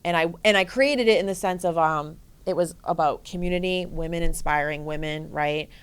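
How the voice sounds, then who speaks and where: Energetic, profane woman coach telling stories. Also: on the low side, moderate pace, clean tone. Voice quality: profane, energetic, frequent "right?" and "like". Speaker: guest, bodybuilding and life coach. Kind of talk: casual storytelling interview.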